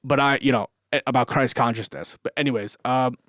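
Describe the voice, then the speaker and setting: This young man's vlog story runs long and meandering, told in a brisk, mid-range voice with a slightly bright edge. Profanity, frequent laughter and plenty of fillers pepper the casual monologue. The sound is dry and studio-clean.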